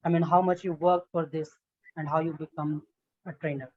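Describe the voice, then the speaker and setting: A man's voice: a little high, flat delivery, normal speed, muffled recording. A man practicing spoken English in an online lesson, talking hesitantly with restarts and "I mean"s. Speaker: English learner. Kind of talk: online one-on-one speaking lesson. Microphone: video call.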